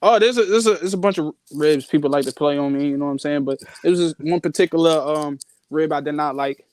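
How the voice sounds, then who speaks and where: A young man chats as a podcast guest with boastful, playful swagger. His voice sits a little high and the sound is dry and close. He talks in loose, animated bursts. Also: fast talker, dry recording. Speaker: guest wrestler. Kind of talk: casual live podcast interview.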